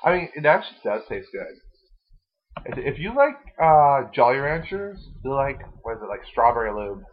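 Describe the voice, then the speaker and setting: A man's voice: mid-range voice, big pitch swings, moderate pace, husky. A young man hosting a casual podcast, rambling and giggling as he talks crudely. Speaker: podcast host. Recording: lo-fi dull recording.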